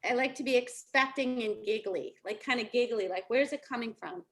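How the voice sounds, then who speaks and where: A middle-aged woman coach gives a casual motivational talk in a slightly high voice, speaking a little fast. She's chatty, telling stories with lots of laughter.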